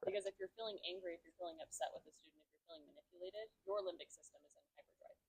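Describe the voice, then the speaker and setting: A woman speaks up from the audience with a quick, explanatory comment. She talks very fast in a somewhat low voice. She is far from the mic, with a faint hiss behind her. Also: vocal fry, darkish tone, breathy edge. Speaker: audience member.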